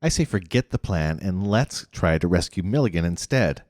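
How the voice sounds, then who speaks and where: A blunt, impatient girl in a storybook, fed up and quick to speak her mind. A man plays her in a deep, lively voice with a long reverb behind it. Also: clean studio sound. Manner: blunt, exasperated.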